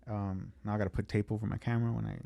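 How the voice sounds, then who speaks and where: A fast-talking man with a low, gravelly voice tells a rambling, profane story on a podcast, acting out each line people said. The sound is dry and close. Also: flat delivery, no echo, highs cut off. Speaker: comedian.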